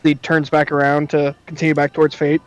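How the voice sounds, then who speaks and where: A man playing a tabletop game, describing his character's moves in a hesitant, halting way with many fillers. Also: fairly high pitch, monotone. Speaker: player.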